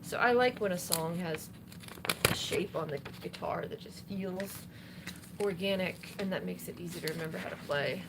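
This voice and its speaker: Between songs on a live stream, a woman singer-songwriter with a voice on the low side talks casually at a moderate pace. Her chat rambles, packed with fillers, as guitar plays behind her.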